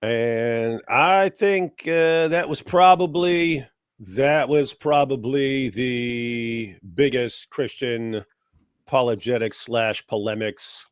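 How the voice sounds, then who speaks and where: A man from the United States who has a cold talks in a loose, sarcastic chat, mocking as he goes. His voice sits at an ordinary middle pitch and the sound is dry and close, with no room around it. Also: slow, clear, resonant tone, no echo. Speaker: guest. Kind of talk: casual chat.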